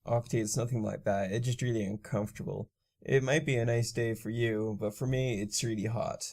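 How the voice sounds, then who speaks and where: A man voicing a brash, laid-back young female vampire pony, speaking in a low-key way. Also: steady tone, fairly quick, darkish tone. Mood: subdued.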